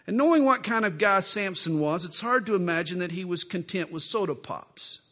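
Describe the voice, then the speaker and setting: A man's voice: sits high, animated, moderate pace, bright, forceful tone. A male preacher teaching from scripture in a folksy, joking, conversational way. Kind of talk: expository sermon with humorous asides.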